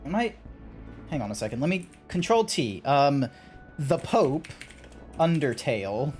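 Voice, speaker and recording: A man's voice: fairly high pitch, sing-song, a little slow, darkish tone, faint music behind. A man streaming a game, talking in a rambling, chatty way with lots of fillers. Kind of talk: casual live-stream chat.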